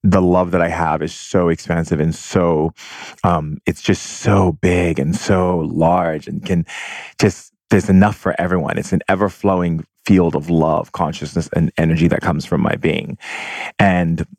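A man's voice: low-pitched, fairly even intonation, unhurried, vocal fry, a little mellow, dry recording, studio quality. A man giving a spiritual monologue, effusive and breezy, full of "like" and "you know", breaking into whooping exclamations. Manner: heavy use of "like" and "you know". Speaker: spiritual teacher.

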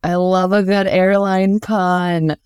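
A woman's voice: fairly low pitch, level tone, takes it slowly, darkish tone, clean tone, no echo, clean studio sound. A woman co-hosting a casual podcast, joking in a playful way and often repeating her words as she starts. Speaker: podcast co-host.

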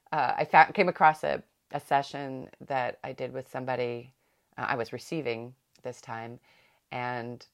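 Very low-voiced gravelly woman host. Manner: chatty, laughs often, many restarts. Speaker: podcast host. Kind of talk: reflective parenting podcast monologue.

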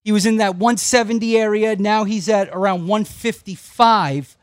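A man hosting a fantasy football panel, steering the talk with quick questions to his co-hosts. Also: high voice, no echo, studio quality. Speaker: fantasy football show host. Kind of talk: casual sports chat.

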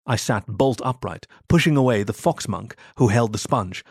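A man narrating a first-person story in a steady, measured reading. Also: lowish voice, husky, no room sound, studio quality.

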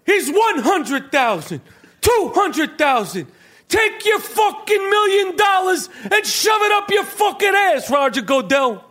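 A man doing an impression of a gruff older team owner who yells profane insults in a loud, explosive rant. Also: very high voice, sing-song, a little slow, voice pushed up, exaggerated voice. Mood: furious yelling.

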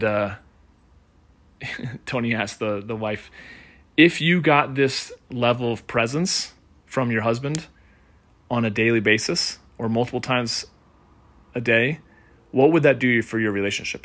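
A man's voice: mid-range voice, unhurried, long pauses, a bit bright. Casual rambling male podcast host. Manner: casual and rambling, with many fillers. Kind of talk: storytelling monologue.

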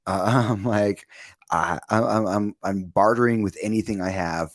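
A man joining the podcast chat, hungover, teasing the others with quick banter. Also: lowish voice, no echo, clean studio sound. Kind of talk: casual chat.

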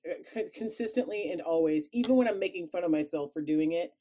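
A woman with a Chicago accent, chatting casually as a podcast co-host, animated and quick to laugh. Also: lowish voice, slight background noise. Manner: animated, laughs often, playful. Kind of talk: casual chat.

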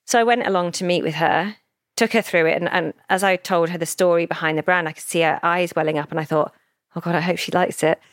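A woman, a founder telling her story in a casual interview, animated and emotional, acting out what others said. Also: lowish voice, quick pace, no echo, clean studio sound. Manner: animated, emotional storyteller who acts out quoted speech. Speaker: founder of a children's brand, podcast guest.

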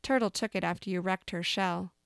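Woman reading a bitter worn-down witch girl, curt and defensive, smooth voice, dry sound. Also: lowish voice, fairly even intonation, a little fast, no room sound.

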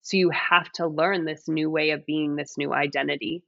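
An earnest, heartfelt woman in her thirties shares her thoughts as an interview guest, her voice carrying a gravelly fry. She keeps checking in with "right?" as she goes. The audio is dry and a little muffled. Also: low-pitched, fairly even intonation, normal speed, fairly bright tone, no echo. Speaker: podcast guest, mother and coach. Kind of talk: reflective interview conversation.

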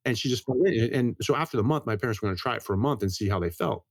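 A man's voice: medium pitch, no echo, clean studio sound. An American man in a casual interview, explaining things earnestly as a doctor and telling stories about his family. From United States. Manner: brisk, earnest, tells anecdotes. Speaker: guest, medical doctor.

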